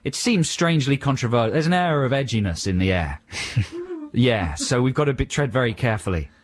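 A man in his thirties co-hosting a radio show, chatting casually with a lively, swooping delivery. He sounds playful and slips into silly mimicry. The studio sound is dry and close. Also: mid-range voice, fairly quick, dry recording. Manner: playful, puts on silly voices mid-story. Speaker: radio co-host. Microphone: studio microphone.

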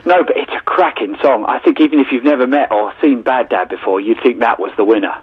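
A man calling in as a radio guest, joking and self-mocking, with a husky voice. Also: mid-range voice, quick pace, no room sound. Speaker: guest on phone line. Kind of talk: casual phone chat. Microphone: phone. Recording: muffled phone line.

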